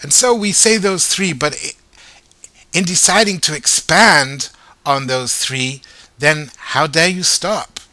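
A man teaching Torah in a lively way, asking his listeners rhetorical questions. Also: fairly high pitch, slow pace, no echo. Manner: animated, asks rhetorical questions.

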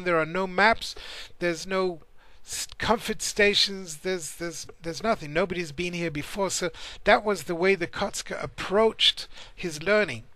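A man with a high, bright voice gives an earnest Torah class, telling stories as he teaches. He speaks in a searching way and often restarts his sentences. The recording is close and dry. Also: dry recording. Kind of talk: spoken Torah class with storytelling.

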